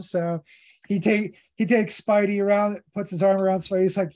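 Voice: medium pitch, fairly even intonation, moderate pace, darkish tone. A podcast host giving a casual, rambling recap of a comic story, hesitating often with fillers.

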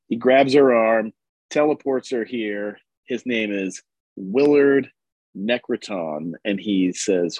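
A man with a lowish voice talks through a comic's plot in an easygoing, rambling way, stopping often for ums and uhs. The sound is close and dry, with almost no room around it. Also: measured pace, dry recording, low-quality recording. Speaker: podcast co-host reviewing comics. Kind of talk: casual chat, retelling a comic's plot.

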